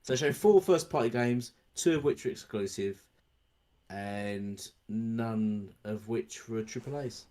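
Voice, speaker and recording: A man hosting a gaming podcast, talking in a halting way, repeating himself and throwing in dry running jokes. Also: on the low side, mellow. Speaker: podcast host. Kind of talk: casual gaming chat.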